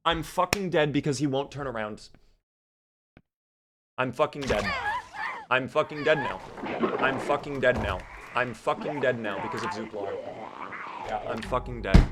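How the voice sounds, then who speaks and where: A man's voice: mid-range voice, moderate pace, pauses often, noisy background. A young man giving casual, swear-heavy commentary while playing a video game. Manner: swears a lot, rants when angry. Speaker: gaming streamer.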